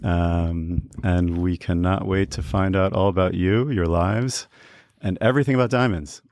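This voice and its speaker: A man's voice: low-pitched, steady tone, normal speed, darkish tone, no room sound, studio quality. A man co-hosting a podcast, asking questions in a loose, friendly way with self-deprecating asides. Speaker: podcast co-host. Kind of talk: casual interview talk.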